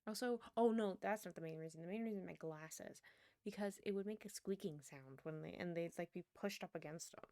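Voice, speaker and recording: Chatty streamer woman with vocal fry. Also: lowish voice, brisk, mellow, dry recording. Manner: rambling, chatty storytelling with frequent laughs. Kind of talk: casual chat while gaming. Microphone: wired earbuds with a headset mic.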